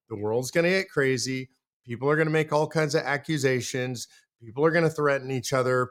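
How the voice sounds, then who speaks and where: A man from the United States delivers a political commentary monologue as host, his voice sitting at an ordinary middle pitch. He speaks earnestly and straight to the listener, hammering home his main points by repeating them. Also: fairly bright tone. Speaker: show host.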